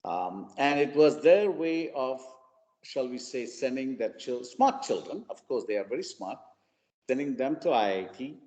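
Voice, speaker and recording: A man's voice: medium pitch, measured pace. Indian man telling his story, reverberant. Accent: Indian English. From Chennai, India. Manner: animated storyteller who briefly acts out the voices he quotes. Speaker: guest speaker at a mentoring webinar. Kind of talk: personal storytelling.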